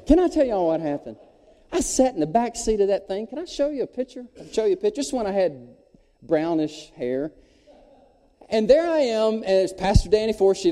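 A male pastor, telling a story in a sermon and acting out the voices of the people in it. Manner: animated storyteller, acting out quoted voices with big pitch jumps. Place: large church hall. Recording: long hall reverb.

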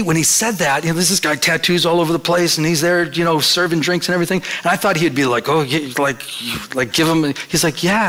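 A man's voice: on the high side, bright, forceful tone. A male pastor preaching a sermon in church, in a conversational storytelling manner that slips into acted quotes.

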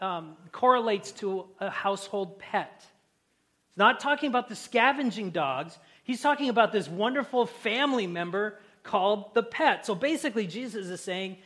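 A pastor preaching a conversational sermon and joking with the congregation. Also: male voice, sits high, a bit bright.

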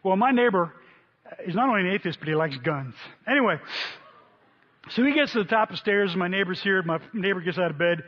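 Animated high-voiced preacher man. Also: brisk. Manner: animated storyteller, voices quotes loudly. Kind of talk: sermon storytelling. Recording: dull sound in a long-reverb hall.

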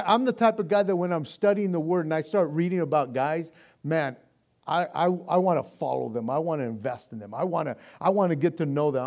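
A man preaching a sermon in a casual, animated way, often repeating himself as he restarts sentences and laughing along. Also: a little high, vocal fry. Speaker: pastor.

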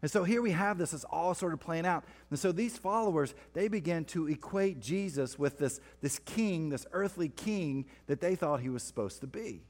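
A man's voice: a little high, animated, normal speed, few pauses, darkish tone. A man preaching a sermon, reading scripture and breaking off for playful asides. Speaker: pastor. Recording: long reverb of a large hall.

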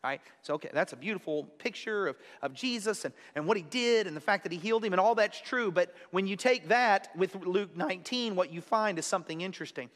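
A man's voice: sits high, a little fast, few pauses, a bit bright, big-room sound. A man preaching an expository sermon in a conversational way, repeating key phrases for emphasis. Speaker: pastor.

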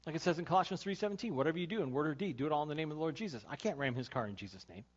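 A middle-aged male pastor giving a conversational sermon, telling a personal story with animated voices and then turning quiet and earnest to make his point. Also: on the high side, very fast. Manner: animated storytelling, acting out his own road rage; turns quiet and earnest when making the point. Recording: dull lo-fi sermon recording.

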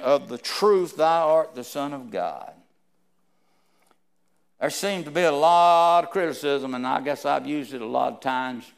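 A man preaching a sermon, reading scripture aloud and swinging between hushed, slow lines and loud, rising ones. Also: mid-range voice, smooth.

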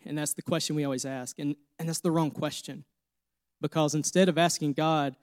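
A man's voice: a little high, fairly even intonation, fairly quick, darkish tone, no room sound, clean studio sound. A man in his thirties preaching a sermon, earnest and personal, repeating phrases as he tells his own story. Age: 30s. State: emotional, near tears. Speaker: pastor.

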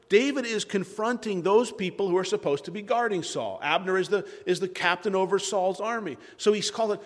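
Animated preacher in a reverberant hall. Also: male voice, high voice, fairly quick, hardly any pauses. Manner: animated retelling, exhorting. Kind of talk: sermon.

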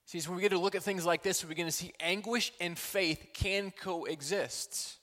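Man, pastor, sermon, earnest, rising to pleading then dropping soft, slightly high voice, long hall echo. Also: moderate pace. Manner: earnest, swings from loud pleading to quiet and intimate. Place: church hall.

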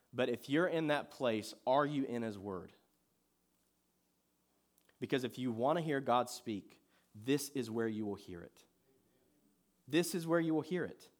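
A man preaching a sermon in a conversational way, moving between loud emphatic points and quiet scripture reading. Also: medium pitch. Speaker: pastor.

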